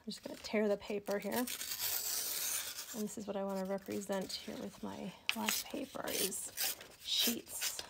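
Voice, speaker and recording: A middle-aged woman teaching an art project at a table in her home studio, telling a story slowly and softly and dropping to a whisper now and then. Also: mid-range voice, flat delivery, creaky, very noisy. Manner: soft, slow storytelling with whispered asides. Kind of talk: art tutorial narration.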